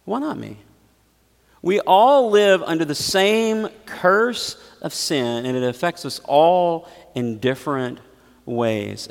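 A man preaching a sermon as pastor, swinging between loud emphatic points and quiet, low asides. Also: creaky, big-room sound.

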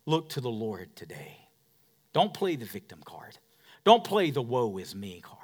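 A male pastor delivering a sermon, swinging from shouting to a hush and calling for responses from the congregation. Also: fairly high pitch, big pitch swings, unhurried.

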